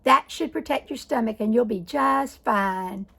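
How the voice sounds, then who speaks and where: A sweet, motherly nurse quoted by a woman who speaks slowly and soothingly in a husky, gravelly voice. She sounds kindly and reassuring. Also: on the high side, a bit bright, heavily acted.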